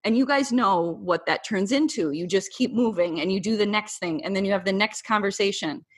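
A woman with a husky, slightly breathy voice talks openly with a group. She is candid and emotional, and she fills her speech with "like" and quick asides. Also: mid-range voice. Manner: candid and emotional, many "like" fillers. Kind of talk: casual conversational talk to a group.

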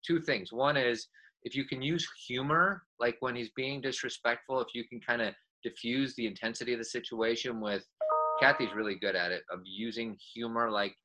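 A man's voice: mid-range voice, steady tone, normal speed, pushed and bright, low-quality recording. A man co-hosting a podcast, giving reassuring parenting advice to a caller in a casual coaching manner. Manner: reassuring, coaching, speaks in restarts.

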